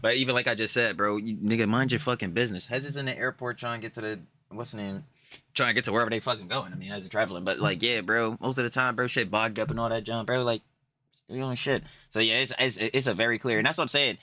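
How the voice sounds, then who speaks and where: A man's voice: fairly low pitch, fast talker, pushed and bright. A man co-hosting a reaction show, talking loosely in slang and swearing freely, laughing often. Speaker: co-host reacting to clips. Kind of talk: casual profane reaction chat.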